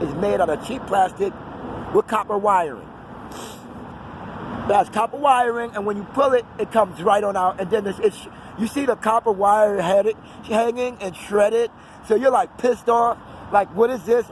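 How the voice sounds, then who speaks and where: Rambling high-voiced New man outdoors. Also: low-quality recording. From New York City. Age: 40s. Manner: digressive, talkative, trails off into fillers. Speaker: vlogger. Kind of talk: rambling unscripted outdoor monologue. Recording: outdoor street noise and traffic.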